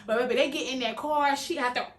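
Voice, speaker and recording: A young adult woman hosting a reaction video, recapping an episode in casual, animated storytelling and acting out the characters' lines. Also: sits high, fast talker. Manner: animated storytelling, acts out characters' lines, calls viewers "baby". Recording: echoey room, faint background noise.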